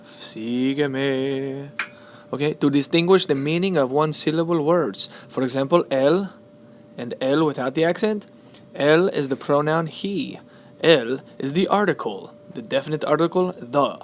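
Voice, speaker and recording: A man teaching Spanish spelling and stress, switching between English and Spanish and repeating words slowly. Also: a little high, a little hiss or hum. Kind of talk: classroom explanation of Spanish spelling.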